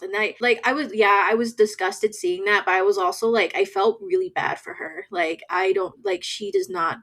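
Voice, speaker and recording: A woman's voice: medium pitch, steady tone, moderate pace, hardly any pauses, fairly bright tone. A woman co-hosting a podcast, chatting casually about a horror film, speculating thoughtfully and often restarting her sentences. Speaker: podcast co-host.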